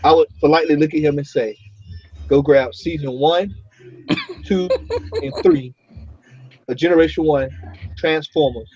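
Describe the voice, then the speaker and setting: A man hosts a loose roundtable, his voice a touch high and husky. He talks in animated, repetitive bursts. The audio is dull and lo-fi. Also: normal speed, pauses often. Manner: animated, laughing, repeats words often. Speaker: podcast host. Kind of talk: casual roundtable chat. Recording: dull lo-fi recording.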